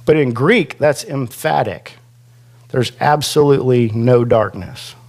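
A man preaching a sermon as pastor in a church classroom, chatty and self-deprecating, slowing down to stretch out quoted scripture for emphasis. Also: mid-range voice, darkish tone. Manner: slow, conversational preaching with self-deprecating asides.

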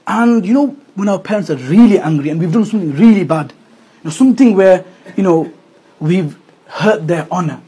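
Brief: man preaching in a mosque, impassioned, high and husky. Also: fairly quick. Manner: impassioned, swinging from loud to hushed. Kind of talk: emotional sermon. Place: mosque gathering.

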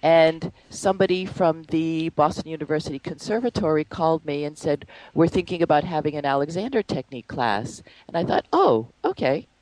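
A woman's voice: low voice, fairly quick, hardly any pauses, a little mellow, rough recording. A woman who teaches the Alexander Technique, telling stories in a thoughtful, conversational way with frequent fillers. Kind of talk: conversational interview.

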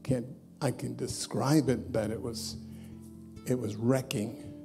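A man preaching a sermon in a church as a bishop, telling a personal story and swinging from loud bursts down to soft, hushed asides. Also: mid-range voice, fairly even intonation, slow pace, over music. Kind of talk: sermon testimony. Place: church sanctuary.

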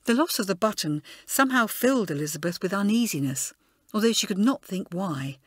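A woman narrating a children's audiobook with expressive storytelling. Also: mid-range voice, fairly quick, no echo, clean studio sound. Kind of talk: scripted narration.

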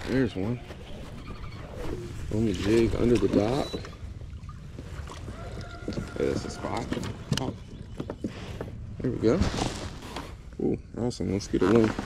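A man's voice: fairly low pitch, a little slow, vocal fry, pauses often. A young man, talking casually to camera as a fishing vlogger, rambling and thinking aloud with lots of fillers. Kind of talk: casual vlog talk to camera. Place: outdoors on a lake. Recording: noisy outdoor recording with passing vehicles.

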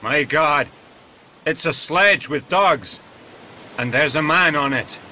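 An actor playing a frightened sailor who exclaims in alarm in an audio drama. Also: male voice, fairly high pitch, takes it slowly, bright, forceful tone, a little hiss or hum, full character voice. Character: frightened young sailor, jumpy. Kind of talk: radio drama acting.

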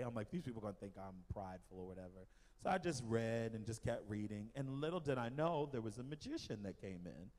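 Man telling a testimony in a reverberant hall. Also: mid-range voice. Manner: animated storytelling with fillers. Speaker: missionary speaker. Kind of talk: church testimony. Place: church hall.

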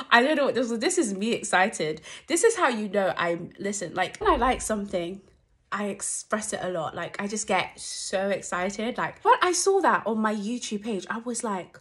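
A young woman gushing through a trailer reaction, talking animatedly and breaking into squeals and shouts. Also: mid-range voice, expressive, moderate pace. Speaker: YouTube reaction vlogger. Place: at home at night.

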